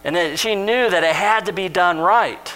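A man delivers a sermon in a relaxed, storytelling manner and acts out the quotes as he goes. His voice is bright and sits a little high. A faint electrical hum runs underneath the recording. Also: normal speed, low-quality recording. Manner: conversational storytelling, acting out quotes. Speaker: preacher.

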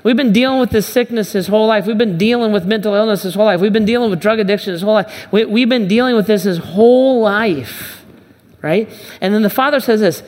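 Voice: mid-range voice, fast, a little mellow. A pastor giving a conversational sermon, restarting and repeating phrases and acting out the Bible dialogue. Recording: long reverb of a large hall.

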